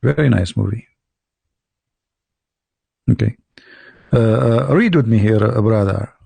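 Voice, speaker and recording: A man's voice: on the low side, takes it slowly, creaky, warm tone, slightly rough, no echo. A male livestream host talking casually in a mocking, sarcastic and rambling way. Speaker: online debate host.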